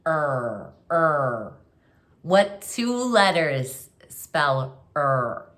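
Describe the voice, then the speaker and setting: A woman's voice: low-pitched, very animated, drawn-out words, fairly bright tone. A woman teaching a remote kindergarten writing lesson, talking to young children in a patient, sing-song way.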